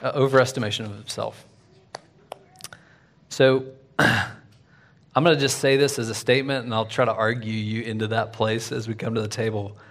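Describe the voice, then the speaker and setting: Guy preaching a sermon, super conversational, lots of "like" and "right?", gets loud then drops quiet. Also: medium pitch, flat delivery, moderate pace, long pauses. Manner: conversational, many fillers like "like" and "right?". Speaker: pastor.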